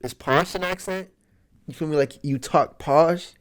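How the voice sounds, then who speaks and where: A young man talking casually about a movie, slangy and joking, swinging from loud bursts to mumbled asides. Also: fairly high pitch, a little slow. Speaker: movie reviewer. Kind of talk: casual movie review commentary.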